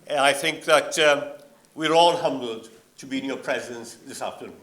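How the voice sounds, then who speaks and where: An older man giving a graduation address in a slow, measured and anecdotal manner. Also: mid-range voice, a bit bright. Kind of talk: ceremonial speech.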